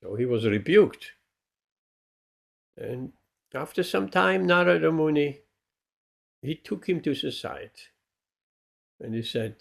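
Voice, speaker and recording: A male spiritual teacher recounts a devotional story in a lecture, pausing often and filling gaps with hesitations. His voice is somewhat high with a gravelly rasp, and his pace is very slow. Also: expressive. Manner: storytelling with many pauses and fillers.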